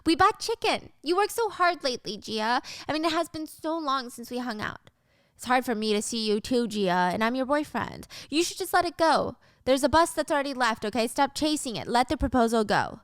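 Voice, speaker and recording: A woman voicing a pushy, dense young man in a drama recap, talking in a high whiny way. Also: big pitch swings, a little fast, dry recording, clean studio sound.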